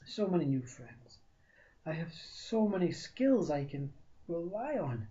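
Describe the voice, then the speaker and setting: A man telling a story as a spiritual teacher, acting out the dialogue with sudden shifts from loud to whispered. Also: a little high, very animated, a little slow. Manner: acts out both sides of a dialogue, shifting loudness, drops to whispers. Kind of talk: storytelling talk. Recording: dull lo-fi recording.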